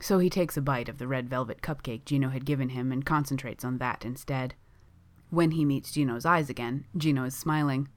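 A woman reading a story aloud in a calm, even storytelling manner. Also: extremely low pitch, fairly quick, no echo. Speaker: reader.

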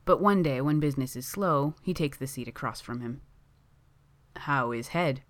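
A woman reading a story aloud in a calm, even storytelling manner. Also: extremely low pitch, fairly quick, no echo. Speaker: reader.

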